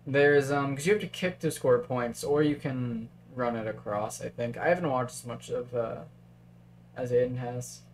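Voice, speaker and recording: A man's voice: mid-range voice, normal speed, slight background noise. A man casually commentating a chess game on a live stream, thinking aloud through moves and answering chat.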